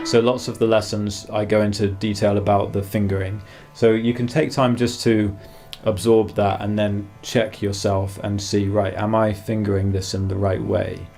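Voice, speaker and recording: A man giving a guitar masterclass, calmly explaining practice exercises and counting beats aloud between demonstrations. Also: fairly low pitch, normal speed, creaky, few pauses. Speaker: guitar teacher. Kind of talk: masterclass instruction. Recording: faint guitar music behind. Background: guitar playing.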